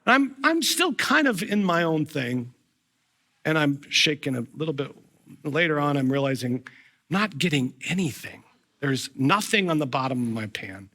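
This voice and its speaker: A middle-aged male pastor delivers a sermon in a bright, forceful voice that sits a little high. He slips into anecdotes and talks conversationally, often restarting his phrases. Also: sing-song, moderate pace. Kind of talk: sermon with personal storytelling.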